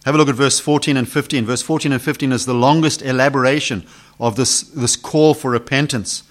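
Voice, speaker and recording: Preacher swinging loud to hushed. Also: male voice, mid-range voice, steady tone, a little fast. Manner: dramatic swings from loud emphasis to hushed questions; rhetorical questions to the audience. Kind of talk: expository sermon.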